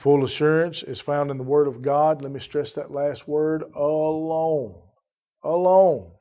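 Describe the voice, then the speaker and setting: Male preacher, slightly high voice, fiery delivery with loud peaks, dull lo-fi church recording. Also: little pitch movement, normal speed. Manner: fervent, rising to loud emphatic bursts. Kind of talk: sermon.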